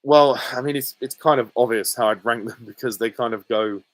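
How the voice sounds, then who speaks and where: A man in his twenties answering viewer questions in a casual live Q&A, easygoing and hesitant with frequent ums and soft laughs. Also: mid-range voice, fairly quick, no room sound, rough recording. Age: 20s. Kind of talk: casual live Q&A reading chat comments.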